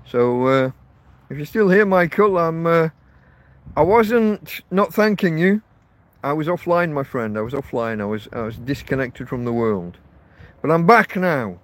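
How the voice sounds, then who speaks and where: Out in his field camp, a vlogger with a medium-pitched, animated voice rambles to viewers at a moderate pace, often correcting himself. A phone held upright records him, with wind and faint outdoor noise in the background.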